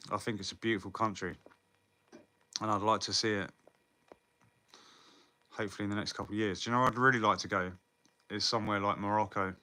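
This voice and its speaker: A man talks loosely to his viewers, answering their comments and swearing freely. His voice sits a little low but comes across bright and forceful. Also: fairly even intonation, fast, long pauses. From England. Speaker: livestreamer. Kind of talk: casual live chat with viewers.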